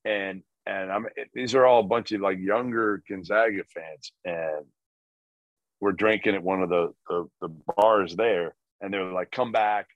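Male co-host, very deep voice, wry and low-key, casual swearing, dry close mic. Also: steady tone, unhurried, dry recording, muffled recording. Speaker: podcast co-host. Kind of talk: casual chat, storytelling.

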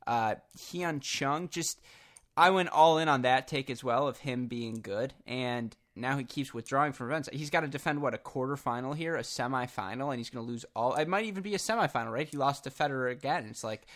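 A man co-hosting a casual podcast, animated and quick to laugh, putting on voices when quoting others. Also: mid-range voice. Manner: animated, laughs often, does mock voices for quotes. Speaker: podcast co-host.

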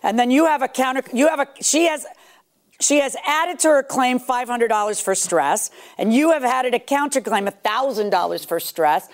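A woman's voice: high-pitched, lively intonation, normal speed. A woman judge questioning the parties bluntly and demanding proof. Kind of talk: courtroom ruling.

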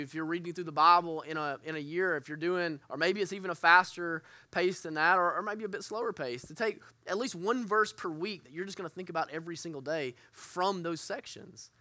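A pastor teaching his church group speaks in a high, slightly quick voice with a sharp edge, and the recording has no room sound. He comes across as earnest and candid, pokes fun at himself, and keeps restarting his sentences.

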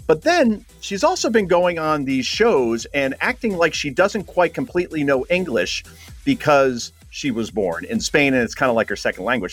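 A man hosting a radio talk show, sarcastic and quick to laugh at his own jokes while he cues up clips. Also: mid-range voice, fairly bright tone. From New Jersey.

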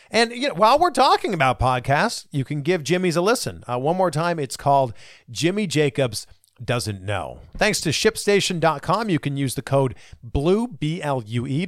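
A man's voice: a little high, no room sound, studio quality. A man hosting a podcast, chatting casually with a guest and then signing off with thanks and plugs in an upbeat way. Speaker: podcast host. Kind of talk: casual interview and sign-off.

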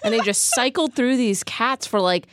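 A woman's voice: a little high, lively intonation, moderate pace, no echo. Chatty woman telling a funny anecdote. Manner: chatty storyteller. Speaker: podcast co-host. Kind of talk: casual chat.

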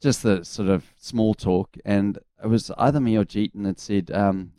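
A middle-aged man with a New Zealand accent, co-hosting a sports radio show and telling relaxed, self-deprecating stories. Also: fairly low pitch, normal speed, few pauses, dry recording, clean studio sound. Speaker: radio co-host, former cricketer. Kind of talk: casual sports radio chat.

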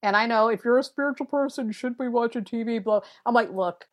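Animated storytelling middle-aged woman. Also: on the high side, fast. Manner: animated storyteller, acts out her own quotes. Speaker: guest, tarot reader. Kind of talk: casual podcast chat.

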